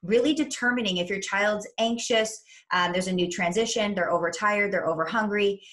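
A woman's voice: medium pitch, normal speed, fairly bright tone. A woman parenting coach in a podcast interview, explaining in an instructive way and acting out what parents say to their kids.

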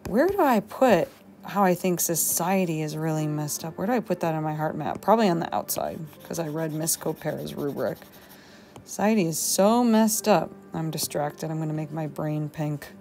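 A woman's voice: low voice, lively intonation, normal speed, creaky, dark tone, slight background noise. A woman teacher thinking aloud as she writes a journal entry for her students, musing and talking to herself. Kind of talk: thinking aloud while writing a journal demo.

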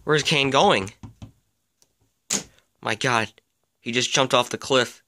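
A man calling a mock wrestling match with excitable play-by-play commentary and deadpan asides. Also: medium pitch, slow pace, slight background noise.

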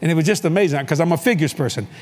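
A man's voice: fairly high pitch, animated, very fast, a little mellow, a little hiss or hum. An older man preaching, telling a story with acted-out voices, hollers and laughs. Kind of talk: animated storytelling sermon. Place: large convention hall.

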